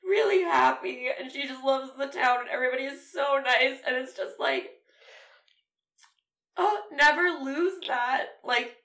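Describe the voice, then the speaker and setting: A woman's voice: high-pitched, measured pace, fairly bright tone. A young woman co-hosting a film podcast, talking in an earnest, rambling way with many restarts. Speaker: podcast co-host. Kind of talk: casual film discussion. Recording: roomy echo.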